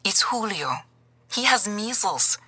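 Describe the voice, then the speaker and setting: A woman voicing a frightened old grandmother who talks quietly and tearfully on the phone, in a story reading. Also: mid-range voice, animated, takes it slowly, husky, voice pushed up, heavily acted. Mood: fearful.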